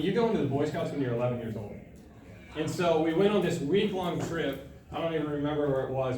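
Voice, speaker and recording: Young man telling a story in an echoey hall. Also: a little high. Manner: casual, animated storytelling with laughter. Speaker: student speaker. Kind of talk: sermon with personal story. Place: large room at a student gathering. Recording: echoey room, from far off, faint noise.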